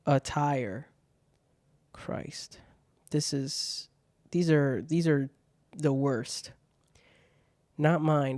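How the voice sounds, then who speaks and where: A man's voice: a little high, a little mellow, no room sound, studio quality. A man hosting his own show, reading out viewer questions and jokes in laid-back casual chat, swearing freely.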